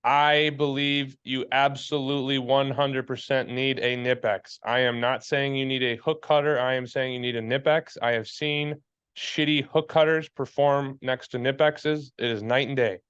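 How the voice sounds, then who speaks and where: A man's voice: mid-range voice, fairly even intonation, normal speed, a bit bright, clean tone, lo-fi sound. A man co-hosting a fly fishing podcast in casual chat, blunt and fired up, swearing freely and preaching his point.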